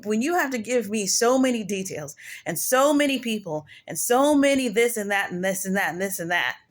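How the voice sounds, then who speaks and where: A woman's voice: on the high side, fairly bright tone. A woman giving a casual commentary rant on her own channel, emphatic and slangy, repeating phrases for effect.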